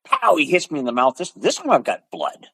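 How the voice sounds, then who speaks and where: Older man, from the Pacific Northwest, lively storyteller, sound-effect punches, dry close sound. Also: mid-range voice, a little fast, no room sound, rough recording. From Pacific Northwest, USA. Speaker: podcast guest. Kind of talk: storytelling in conversation.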